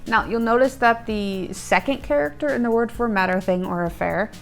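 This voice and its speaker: A woman's voice: on the high side, normal speed, vocal fry, soft background music. A woman hosting a language lesson, explaining in a chatty way with fillers and glancing at her notes. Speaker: host and language learner.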